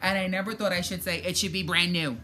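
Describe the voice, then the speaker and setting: A woman's voice: fairly low pitch, fairly even intonation, fast, bright, forceful tone. A woman vlogger giving casual spiritual motivation talk, chatty and joking, cursing freely and acting out her own reactions.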